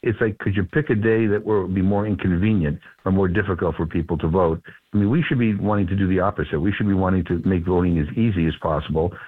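A man's voice: sits low, quick pace, few pauses. A congressman as a radio guest, talking earnestly and emphatically with many restarts, heard over the phone. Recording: tinny phone line.

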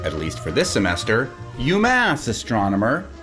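Lively, animated male radio host. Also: medium pitch, normal speed, over music. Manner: lively, playful. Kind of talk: public radio talk show hosting.

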